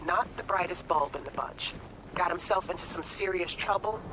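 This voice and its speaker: A woman's voice: fairly low pitch, normal speed, natural voice. A woman voicing a clipped, no-nonsense female fixer in video game dialogue, in noisy game audio. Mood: businesslike. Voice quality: clipped, matter-of-fact.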